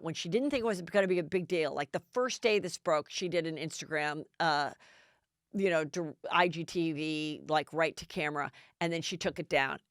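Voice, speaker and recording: A chatty middle-aged woman gossiping on her podcast, her voice smooth and clear. She talks close to the mic in a dead, dry room and keeps acting out what other people said. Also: lowish voice, no echo. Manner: chatty, animated, acts out quotes in other voices. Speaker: podcast host. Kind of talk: casual gossip commentary.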